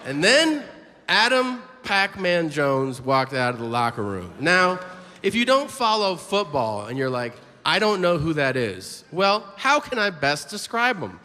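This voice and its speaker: A man doing a stand-up set, telling stories with animated shouted voices. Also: a little high, measured pace. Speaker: stand-up comedian. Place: large venue with audience. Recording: live hall with crowd noise.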